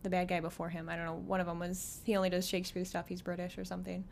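A woman's voice: on the low side, completely flat delivery, racing, gravelly, a little mellow, slight background noise. A woman co-hosting a podcast, chatting casually in an easygoing way and giggling often. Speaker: podcast co-host. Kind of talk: casual chat.

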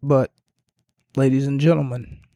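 A man hosting a casual solo podcast, talking in a monotone while losing his voice and sounding hoarse. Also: medium pitch, a little slow, no echo, clean studio sound. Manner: monotone delivery. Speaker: podcast host.

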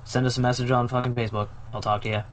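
A man co-hosting a loose, joking podcast, his medium-pitched voice wandering through tangents and cheerful swearing. A faint hiss of background noise sits under the recording. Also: little pitch movement, rapid-fire. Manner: rambling, joking, swears a lot. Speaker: podcast co-host. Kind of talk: casual news chat.

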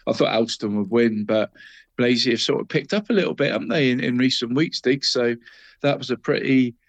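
A man's voice: mid-range voice, fairly quick. A man co-hosting a casual football podcast, chatty and calling his partner mate in every sentence. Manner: chatty, peppers talk with "mate" and the co-host's name. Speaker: co-host.

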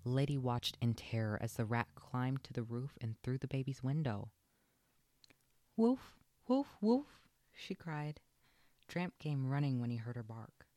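A man narrating a children's storybook aloud in an expressive, lilting read. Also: mid-range voice, moderate pace, hardly any pauses, no echo.

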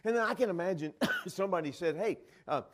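A man's voice: high voice, fast, a bit bright. A middle-aged man from the Dallas area preaching a sermon, retelling Bible scenes and acting out the voices of the disciples. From Dallas area, Texas.

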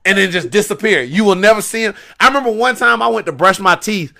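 A man telling wrestling stories on a podcast, animated and slangy, often repeating himself. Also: high voice, fast talker, creaky. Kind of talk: casual podcast storytelling.

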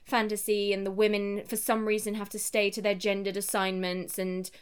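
A woman co-hosting a podcast, reviewing a film in casual chat, animated and quick with asides, swearing freely and mock-quoting the characters. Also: medium pitch, smooth. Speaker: podcast co-host.

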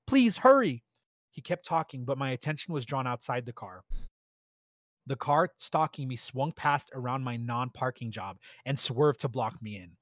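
A man reading a first-person story aloud in a steady, plain way, with a few small stumbles. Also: medium pitch, dry recording, clean studio sound. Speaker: story narrator.

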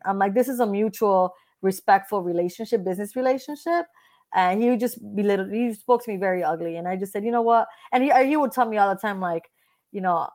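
A woman realtor talking casually in an interview, blunt and animated, often acting out what other people said. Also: medium pitch, quick pace.

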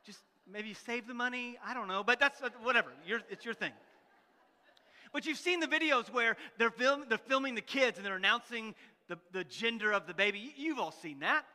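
Animated preacher with a bright voice. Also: male voice, very high-pitched, brisk, long reverb tail. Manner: animated, acts out voices, swings from loud to hushed. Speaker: pastor. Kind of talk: sermon. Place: church sanctuary.

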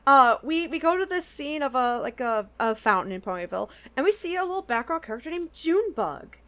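A woman's voice: high voice, fairly quick. A young woman co-hosting a podcast, chatting casually and laughing often as she recaps a cartoon episode. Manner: bubbly, laughs often, animated storytelling. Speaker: podcast co-host.

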